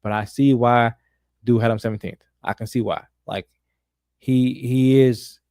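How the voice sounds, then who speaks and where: A man's voice: medium pitch, fairly even intonation, unhurried, a little mellow, smooth, no echo, studio quality. A young man co-hosting a sports podcast, talking emphatically and profanely in casual chat. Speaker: podcast co-host.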